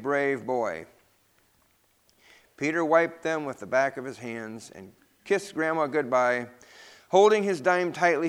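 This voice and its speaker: A man reading a moral story aloud to children in church, then giving a gentle lesson. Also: mid-range voice, clean tone, in a large hall.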